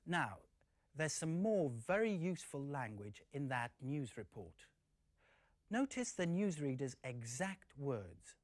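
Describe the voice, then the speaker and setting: A man presenting an English course, explaining slowly and clearly. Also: mid-range voice, big pitch swings, dry recording, studio quality. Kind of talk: scripted teaching presentation.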